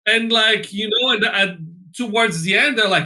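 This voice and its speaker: A man in casual chat, talking unhurriedly with filler pauses. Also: high voice, sharp tone.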